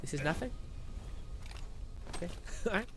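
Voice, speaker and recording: A man's voice: high voice, expressive, a little slow, background noise. A man live-streaming a video game, chatting casually, swearing and laughing while he reads viewer comments. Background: game music.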